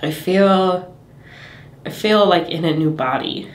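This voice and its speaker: A woman's voice: on the low side, slow pace. A pregnant woman, emotional and tearful, reacting with breathless exclamations and laughter as a patient. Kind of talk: casual reactions during treatment. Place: chiropractic clinic room. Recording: echoey room, faint background noise.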